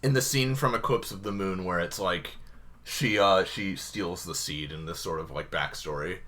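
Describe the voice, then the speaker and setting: Chatty man with a bright voice. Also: deep voice, normal speed. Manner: chatty, self-deprecating, stammers on restarts. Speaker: streamer playing a game. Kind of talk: casual chat while gaming.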